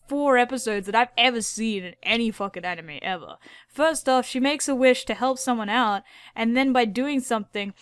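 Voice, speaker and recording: A woman hosting a casual video, rambling excitedly about anime characters, swearing a lot and using many fillers. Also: fairly high pitch, clean tone, dry recording, clean studio sound. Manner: filler-heavy. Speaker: video host.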